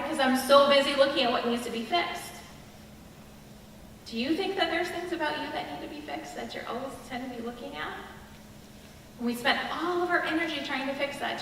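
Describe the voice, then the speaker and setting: A middle-aged woman giving an earnest, confiding personal testimony as a chapel speaker, with pauses and restarts. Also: on the high side, a bit bright, slight background noise. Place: school chapel hall. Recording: echoey hall from a distant mic.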